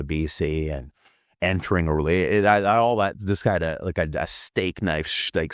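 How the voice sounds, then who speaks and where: A low-voiced man recounts a personal encounter, excitable and profane, his pitch leaping wildly between lines. He speaks close to the mic in a dry, dead room. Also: no echo. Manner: excitable, swearing, lots of fillers. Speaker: podcast host. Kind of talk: personal storytelling.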